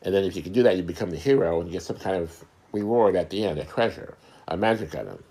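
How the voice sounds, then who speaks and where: A middle-aged man hosting a casual talk, explaining things in an unhurried way, often searching for words and repeating himself. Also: low-pitched, lively intonation, mellow. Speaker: host.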